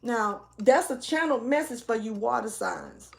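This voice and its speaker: A woman's voice: a little high, wildly swooping pitch, a little slow, gravelly. A woman doing a casual tarot reading for her channel, loose and slangy, rambling and sometimes half-rapping as she walks around indoors. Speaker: tarot reader. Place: indoors, moving around the room.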